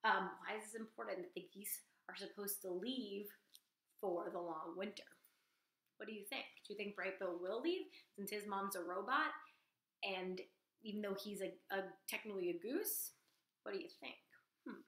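A woman teacher reading a chapter book aloud to her class, with lively storytelling and questions to her listeners. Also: medium pitch, normal speed, roomy sound, poor audio. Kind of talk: read-aloud lesson.

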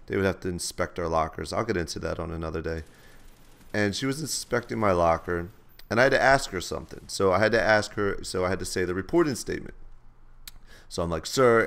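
A man's voice: low-pitched, vocal fry, clean tone. A man hosting a gaming channel, telling laid-back, slangy stories over gameplay. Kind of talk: casual storytelling over gameplay.

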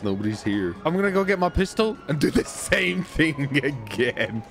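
A man giving excited, chatty commentary on his own gameplay as a streamer, giggling and narrating each move. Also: a little high, moderate pace, faint music behind. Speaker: streamer playing a roleplay game.

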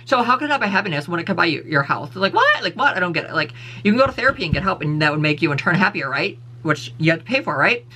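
Brief: male vlogger, rapid sassy profane rant, bright tense tone. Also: on the high side, animated. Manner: sassy, profane, blunt ranting. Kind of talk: casual opinion rant.

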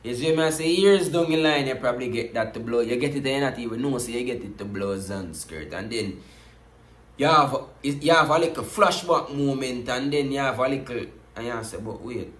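A man's voice: medium pitch, expressive, fairly quick, fairly bright tone. A man hosting a reaction video, talking casually to his viewers in a preachy way and often circling back with "you see me, I say.". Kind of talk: casual commentary to camera. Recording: roomy echo.

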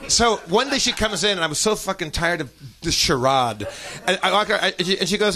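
High-voiced man telling a comic story. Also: a little fast. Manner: animated, jumps into voices of people in the story. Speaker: comedian, show regular. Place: live show stage.

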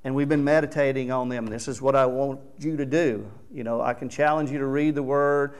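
A man's voice: medium pitch, steady tone, a little fast, clear, resonant tone. A man preaching a sermon as pastor, earnest and exhorting, reading scripture aloud with rising emphasis.

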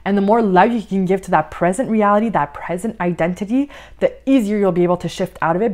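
A woman life coach talking through a podcast lesson in an encouraging way, often saying "like" and a little out of breath. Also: fairly low pitch. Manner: warm, encouraging, uses many "like" fillers. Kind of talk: podcast monologue, guided coaching.

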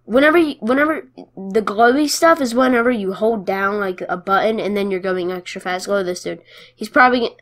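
A woman giving casual gameplay commentary, playful and excitable, cheering her wins and taunting the other players. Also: mid-range voice, fairly quick.

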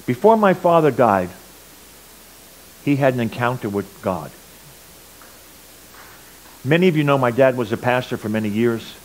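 A middle-aged man giving a personal testimony at church, telling stories earnestly and swinging between loud and quiet. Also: medium pitch, expressive, normal speed, pauses often, low-quality recording. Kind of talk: sermon testimony.

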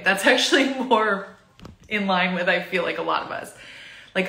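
A woman's voice: medium pitch, expressive, moderate pace, gravelly, pauses often, a bit bright, echoey room. A woman in her thirties giving a casual, chatty tarot reading to camera, bubbly and laughing often. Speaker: tarot reader.

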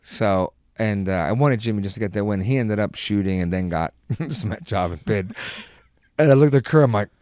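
A middle-aged man with a low voice, chatting as a guest and spinning rambling, profane stories through bursts of laughter. His voice is close and dry, with no room sound around it. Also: moderate pace, a little mellow, no echo. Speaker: podcast guest. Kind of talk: casual chat, storytelling.

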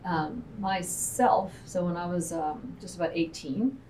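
A woman with a lowish voice recalls her life candidly in a panel conversation, slipping into the voices of family members as she tells it. She is picked up from some distance, with a faint hum of noise in the background. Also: measured pace, warm tone. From United States. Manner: candid, reflective, acts out family dialogue. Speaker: restaurant co-owner. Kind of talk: personal storytelling in a panel talk.

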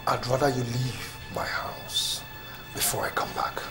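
A stern older Nigerian father, curt and dismissive. His voice sits mid-range but swings widely in pitch. Film score music runs behind him. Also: huge pitch swings, a little slow, whispered. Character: stern older father turning away a visitor. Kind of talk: Nollywood film acting.

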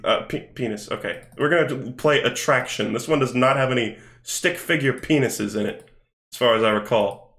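A man's voice: medium pitch, moderate pace, a bit bright. A man streaming games live, chatting, thinking aloud and swearing casually as he plays. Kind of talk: live game-stream commentary. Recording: echoey room.

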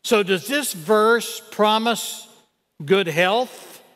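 An older man preaching a sermon as pastor in a church, earnest and measured, reading scripture aloud. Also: sits high, fairly bright tone. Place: church sanctuary. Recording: long church hall reverb.

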